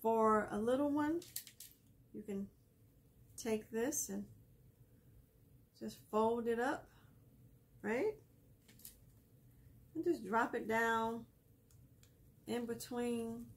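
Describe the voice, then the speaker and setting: A woman's voice: fairly high pitch, very slow, long pauses. A woman hosting a casual craft tutorial, chatty and laughing often as she explains each step while she works. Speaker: craft video host.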